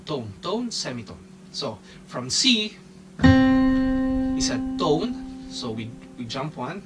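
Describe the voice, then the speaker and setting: A man with a somewhat high voice teaches a keyboard lesson, walking through each step in slightly non-native English and checking in with "okay?" along the way. He sits a little away from the mic, and loud piano playing runs under his speech. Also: distant mic. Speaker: music teacher.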